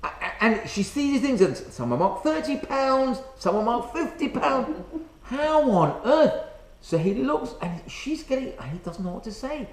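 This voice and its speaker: Animated rabbi telling a story. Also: male voice, extremely high pitch. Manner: animated, halting storyteller with many fillers. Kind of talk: sermon storytelling. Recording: roomy echo.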